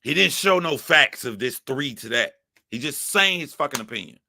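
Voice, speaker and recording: A man's voice: mid-range voice, lively intonation, moderate pace, gravelly, bright, forceful tone, a little hiss or hum. A man giving heated, profane commentary to his live chat as a streamer. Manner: profane, emphatic ranting.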